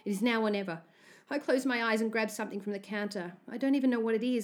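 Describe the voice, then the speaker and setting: Brief: a woman narrator reading a children's story with expressive, anxious delivery. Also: fairly high pitch, fast talker. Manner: expressive, anxious first-person telling.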